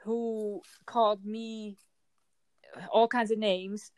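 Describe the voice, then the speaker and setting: A woman in her forties speaking in an emotional personal monologue, heated and frustrated, with forceful outbursts. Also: mid-range voice, little pitch movement, very slow, dry recording. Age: 40s.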